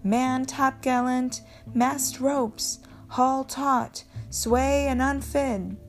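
A woman voicing a ship's mate who bellows sail commands at the crew in loud, raised orders. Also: very high-pitched, fairly even intonation, drawn-out words, faint music behind, pitched above the performer's own voice, heavily acted. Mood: commanding. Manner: shouted orders.

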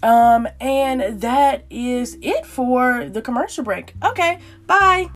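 A woman's voice: high-pitched, expressive, takes it slowly, few pauses, noisy background. Playful, chatty woman podcast host. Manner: playful, chatty, talks straight to listeners. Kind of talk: casual chat and story time.

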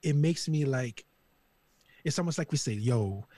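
A man talking in a casual panel discussion in a slangy, animated, emphatic way. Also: medium pitch, measured pace, dry recording. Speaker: regular panelist.

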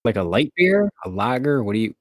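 A man's voice: mid-range voice, very animated, a little fast. A man co-hosting a casual podcast, teasing and wisecracking with his co-host. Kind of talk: casual chat.

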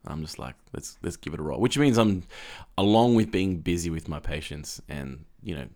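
A man's voice: low-pitched, moderate pace, a little mellow. An Australian man co-hosting a podcast, chatting casually and rambling with easy laughs. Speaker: podcast co-host. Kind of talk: casual chat.

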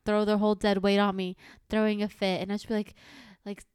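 Woman, relaxed podcast chat, smooth mid-pitched voice, lots of fillers, dry recording. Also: fairly quick, dry recording. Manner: relaxed, chatty, frequent "like" fillers. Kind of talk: casual chat.

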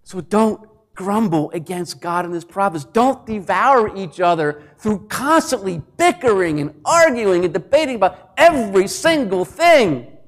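A man preaching a sermon, animated, acting out grumbling voices and sometimes dropping to a near whisper. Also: high voice, unhurried. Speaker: pastor.

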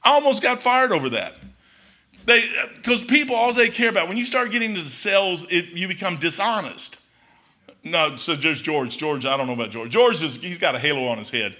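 A man's voice: high-pitched, expressive, a little fast, bright, forceful tone. A middle-aged man with a folksy, blunt manner gives a casual, rambling talk with a preaching edge, full of restarts and asides. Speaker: Christian speaker.

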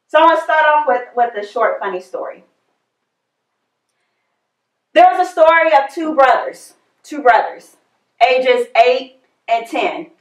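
A woman's voice: sits high, fairly bright tone. Woman preaching a sermon, says things twice for emphasis, echoey room. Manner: repeats phrases for emphasis.

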